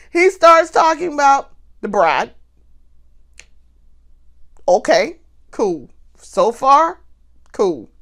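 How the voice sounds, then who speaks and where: Woman vlogger with a high, bouncy voice for a casual story to camera, animated and laughing. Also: drawn-out words, pauses often. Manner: talks straight to viewers.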